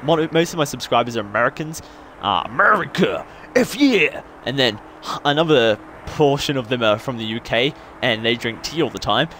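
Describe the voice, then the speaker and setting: A man's voice: medium pitch, a little fast, a bit bright, slight background noise. A young man from Australia with an Australian accent partly worn down by life in the UK, giving casual, hyper and self-mocking gameplay commentary that rambles and laughs often. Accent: Australian, partly worn down by years in the UK. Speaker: gaming YouTuber.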